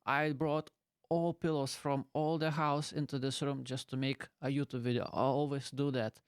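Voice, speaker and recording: A YouTuber speaking in halting, non-native English in a casual explainer vlog, recorded in a small bedroom on a close dynamic mic. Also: male voice, medium pitch, flat delivery, clean tone, no room sound. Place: small bedroom with pillows piled around. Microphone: close dynamic studio mic.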